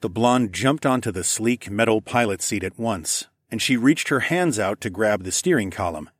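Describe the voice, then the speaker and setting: Man, audiobook narration, first person, low voice, dry close recording. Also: lively intonation, normal speed, slightly rough, dry recording.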